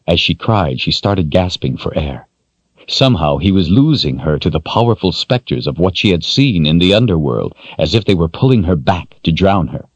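Male audiobook narrator, very deep voice, lively expressive intonation, dry dull-sounding recording. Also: normal speed, husky, no room sound. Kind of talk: scripted narration.

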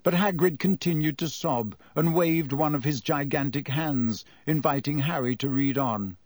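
A man narrating a children's fantasy story in a measured storytelling way. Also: a little high, darkish tone, dry recording. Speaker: audiobook narrator. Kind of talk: scripted narration.

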